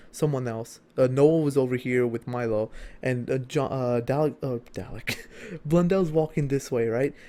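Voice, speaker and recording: A young man, a gaming YouTuber, telling an animated story in a casual vlog, fast and full of swearing, with bursts of shouted excitement. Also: medium pitch.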